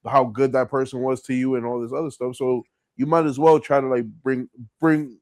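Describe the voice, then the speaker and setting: A man hosting a podcast, asking questions and agreeing with his guest in a relaxed, conversational way. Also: medium pitch, fairly quick, no echo, studio quality. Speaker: podcast host. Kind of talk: casual podcast interview.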